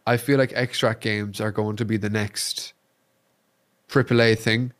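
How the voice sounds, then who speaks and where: An Irish man, a streamer guest on a podcast, chatting casually and telling animated stories, swearing freely. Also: fairly low pitch, unhurried. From Ireland. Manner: animated storyteller, swears freely, acts out quotes.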